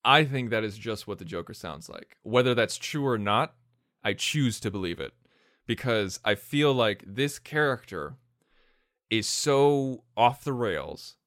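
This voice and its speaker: A man with an average-pitched voice, chatting eagerly on a podcast. He strings his thoughts together with plenty of "like" and "you know." The recording is dry, with no room echo. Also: animated, unhurried, fairly bright tone. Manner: enthusiastic, heavy on "like" and "you know". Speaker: podcast co-host. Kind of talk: casual podcast discussion.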